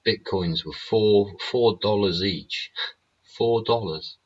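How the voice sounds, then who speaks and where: A man's voice: fairly low pitch, slow pace, slightly rough, lo-fi sound. A man hosting his show in a casual, sweary, rambling monologue, laughing often. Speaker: show host. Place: home studio.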